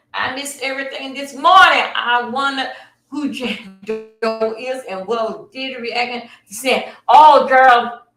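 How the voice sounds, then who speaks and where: A woman hosting a casual livestream from her computer, chatting and rambling straight to her viewers. Her voice is bright and a touch high. She sounds like she is in an echoey room. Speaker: livestream host. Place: at home at a computer.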